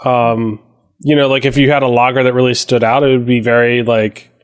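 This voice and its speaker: A man's voice: medium pitch, flat delivery, a little fast, clear, resonant tone. A man co-hosting a casual podcast, rambling with many fillers as he searched for words. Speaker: podcast co-host. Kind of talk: casual chat over drinks.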